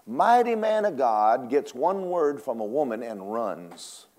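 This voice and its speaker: A male preacher delivers his sermon with a very animated, wide-ranging pitch. He drops to low murmurs, then leaps into high, dramatic cries. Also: slow pace.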